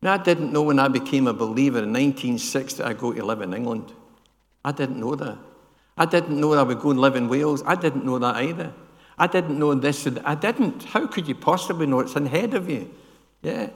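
A man's voice: mid-range voice, expressive, a little fast, big-room sound. An older man preaching a sermon in a church, often asking the congregation questions and tagging lines with "yeah?". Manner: asks the congregation questions, adds "yeah?" tags.

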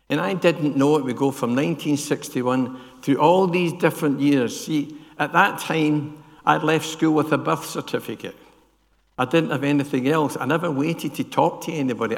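Preaching to his church, this older man speaks at medium pitch with some vocal fry, and the sound carries like a big room. Questions to the congregation come often, along with "yeah?" tags.

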